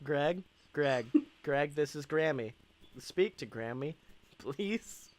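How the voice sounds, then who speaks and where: A man voicing a grandmother who pleads quietly and in a low voice at an intervention. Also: lively intonation, slow pace. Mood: pleading.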